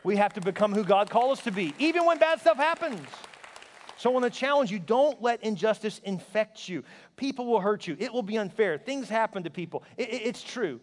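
A man's voice: high-pitched, lively intonation, a little fast, some chatter behind. A man preaching a sermon as a pastor, emphatic and exhorting, with playful asides. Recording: long reverb of a large hall.

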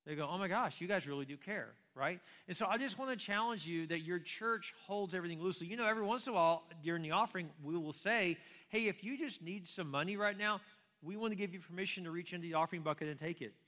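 A man's voice: sits high, quick pace, pushed and bright. A man preaching a sermon as pastor, conversational and full of rhetorical questions. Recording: long reverb of a large hall.

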